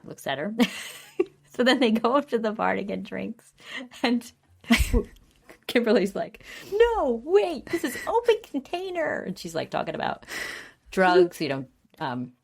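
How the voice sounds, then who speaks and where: A woman's voice: medium pitch, expressive, a little slow, vocal fry, long pauses. A woman co-hosting a podcast, chatting casually as she recaps a TV episode and acts out the characters' lines. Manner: retells scenes, acting out characters' lines in a raised voice. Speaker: podcast co-host.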